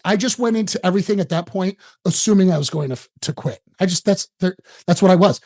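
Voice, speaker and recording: A man in his forties from the Detroit area, a podcast guest telling stories in a casual, animated and self-mocking way. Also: high-pitched, fast. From Detroit area, USA. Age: 40s. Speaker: podcast guest, home-selling coach. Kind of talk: casual storytelling interview.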